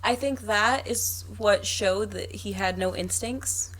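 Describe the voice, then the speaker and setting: A woman's voice: mid-range voice, takes it slowly, low-quality recording. A woman co-hosting a podcast, chatting casually about a movie and backing up her co-host with frequent agreement. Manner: steady, agreeing with frequent mm-hmms.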